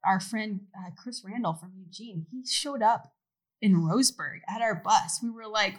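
A woman's voice: mid-range voice, moderate pace, poor audio. Chatty woman telling stories with laughs. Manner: animated storytelling, laughs often, swears. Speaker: podcast guest. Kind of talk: casual chat.

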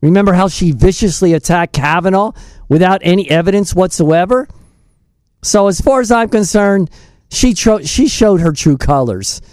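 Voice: medium pitch, lively intonation, moderate pace, a little mellow, no room sound, studio quality. A radio talk show host delivering scornful political commentary, mocking and sarcastic. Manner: mocking, scornful, breaks into mimicking voices.

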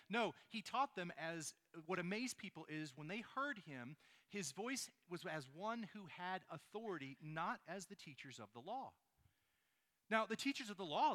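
A male pastor delivering a sermon in a bright, somewhat high voice. His pitch rises and falls a great deal as he preaches, and he keeps posing rhetorical questions to his congregation.

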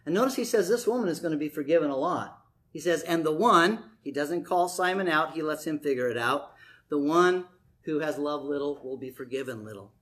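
A man's voice: on the high side, lively intonation, brisk, fairly bright tone. A man preaching a conversational sermon to his congregation, telling stories and acting out quoted voices.

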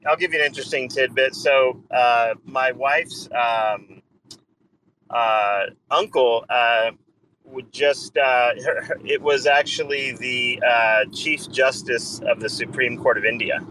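Joking man co-host, bright and forceful tone, speaking from a car, faint road noise behind. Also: mid-range voice, measured pace, rough recording. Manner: loose, profane, joking. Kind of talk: casual group chat.

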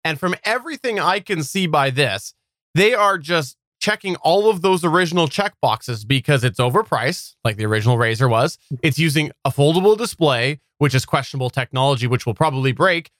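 A man co-hosting a tech podcast, giving measured, wry analysis with a few hesitations. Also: fairly high pitch, animated, fairly bright tone, no echo, clean studio sound. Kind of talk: casual podcast chat.

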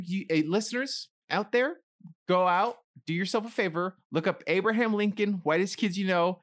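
A man's voice: sits high, fairly bright tone. A young man co-hosting a casual podcast, talking eagerly and enthusiastically about films. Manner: eager, enthusiastic film talk. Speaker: podcast co-host.

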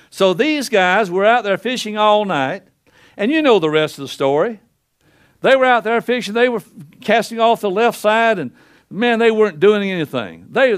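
In a folksy, story-driven sermon, an older man acts out the quotes he relates, his voice ranging widely in both pitch and loudness.

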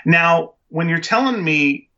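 A man's voice: a little high, lively intonation, slow, pushed and bright, dull audio. A man co-hosting a podcast, chatting casually about a movie in a rambling, emphatic way full of restarts. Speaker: podcast co-host. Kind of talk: casual movie review chat.

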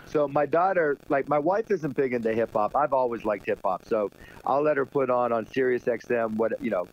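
A man's voice: medium pitch, a little fast. A middle-aged man guesting on a radio show, telling rambling stories with lots of laughs and "you know". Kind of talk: casual radio interview chat. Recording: dull lo-fi sound.

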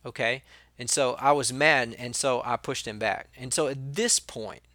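A man's voice: medium pitch, moderate pace, bright, forceful tone, dry recording, studio quality. A man talking casually about resolving conflicts, sometimes acting out what kids and he said. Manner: conversational, acts out kids' and his own lines in quotes. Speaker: former school staff member giving advice. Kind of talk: casual advice talk.

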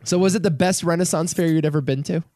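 A man's voice: fairly high pitch, steady tone, fast, darkish tone, no room sound. A man co-hosting a casual podcast chat, joking dryly and poking fun at himself. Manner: dry joking, self-mocking. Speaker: podcast co-host.

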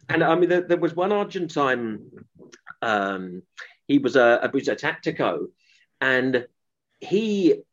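On a muffled recording, a man with a voice on the high side is interviewed as an author guest. He tells a long story earnestly and rambles, with restarts, fillers and acted-out quotes.

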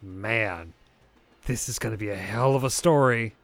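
A man's voice: fairly low pitch, unhurried, fairly bright tone, no room sound. A man voicing a brash, foul-mouthed woman photographer in a tabletop game, talking in a crude, sarcastic way.

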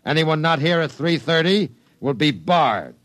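An actor playing a domineering, ruthless business tycoon in a 1950s radio drama, giving curt, clipped orders. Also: male voice, fairly high pitch, expressive, measured pace, a bit bright. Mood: commanding.

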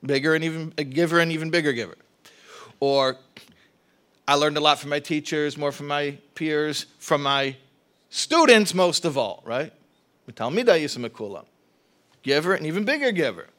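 A man teaching a religious study class, explaining ideas with rhetorical questions, quick restarts and repeated words. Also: fairly high pitch, animated, fairly bright tone.

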